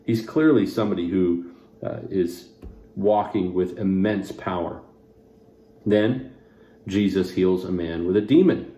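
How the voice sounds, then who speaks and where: A man's voice: sits low, moderate pace, dark tone, roomy sound, muffled recording. A man serving as pastor, teaching a short devotional on a Bible passage, earnest and conversational, putting scripture into casual everyday words.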